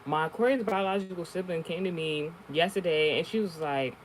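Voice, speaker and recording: Animated, profane woman telling a spiritual story. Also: fairly low pitch, a little fast, slight background noise, poor audio. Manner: animated, profane, full of fillers and laughs. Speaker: spiritual reader. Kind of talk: casual spiritual storytelling monologue.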